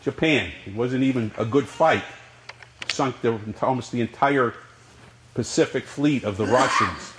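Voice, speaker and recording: Lively, echoing male history lecturer. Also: mid-range voice. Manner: lively lecturing with rhetorical questions. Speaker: history professor. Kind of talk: classroom lecture. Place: college classroom.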